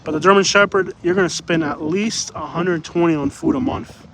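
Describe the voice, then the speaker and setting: A man's voice: high voice, normal speed, gravelly. A man hosting a casual livestream outdoors on a beach, rambling and repeating himself as he reads out comments. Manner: rambling, repeats phrases, laughs often. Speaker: livestream host. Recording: outdoor noise, passing vehicles.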